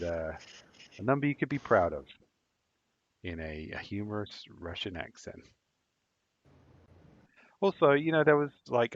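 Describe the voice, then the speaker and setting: A man hosting a podcast, dry and teasing in casual chat. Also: deep voice. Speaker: podcast host. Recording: dull lo-fi recording.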